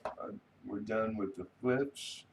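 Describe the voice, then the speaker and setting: A man's voice: fairly low pitch, slow, noisy background. A man hosting a casual late-night livestream, rambling easily and reading viewer comments aloud. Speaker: livestream host.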